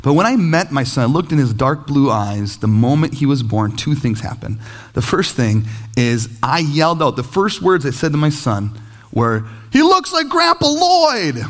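Lively storytelling male pastor. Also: mid-range voice, normal speed. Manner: animated storytelling with self-deprecating humor. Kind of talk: sermon.

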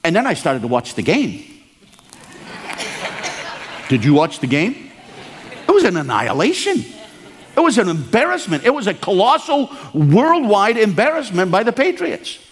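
An older man from Maine preaching a storytelling sermon, animated and acting out the dialogue. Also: measured pace, pauses often. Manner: animated, acts out dialogue with big pitch swings.

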